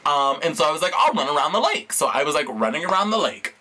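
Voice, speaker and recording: A man's voice: fairly high pitch, big pitch swings, fast, bright, forceful tone, slightly rough. A man co-hosting a casual podcast, telling a rambling, self-mocking story full of filler words and laughter. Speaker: podcast co-host. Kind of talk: casual chat, rambling anecdote.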